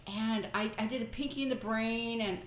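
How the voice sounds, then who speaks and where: A woman's voice: on the high side, fairly even intonation, moderate pace, echoey room, poor audio. A woman hosting a podcast, talking in a chatty, rambling way and telling stories casually. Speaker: podcast host. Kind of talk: casual chat.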